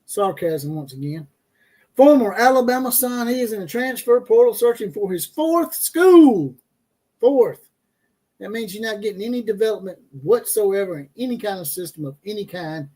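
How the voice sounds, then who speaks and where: A brash man with a fairly high voice hosts a college football livestream. He talks loosely and profanely, mocks players and reporters, and chuckles at his own jokes while reading chat. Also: lively intonation, moderate pace, mellow.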